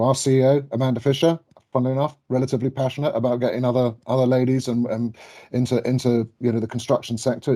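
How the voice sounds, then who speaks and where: British male panel speaker, mellow monotone, halting delivery. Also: mid-range voice. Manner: hesitant, many fillers and restarts. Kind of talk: online webinar answer.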